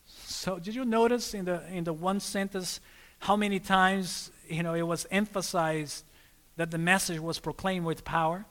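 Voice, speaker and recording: A male preacher with a high, bright, forceful voice delivers a sermon. He keeps drawing his listeners in, asking them to supply the next word and calling them friends. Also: steady tone, normal speed, in a large hall. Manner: prompts listeners to fill in words, calls them friends.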